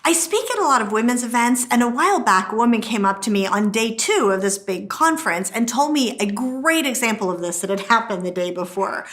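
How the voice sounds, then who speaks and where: A middle-aged woman teaching a marriage course, telling stories and acting out quotes with a lively delivery. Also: fairly high pitch, a little fast, hardly any pauses. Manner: lively storytelling, acts out quotes. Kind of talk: teaching talk to camera.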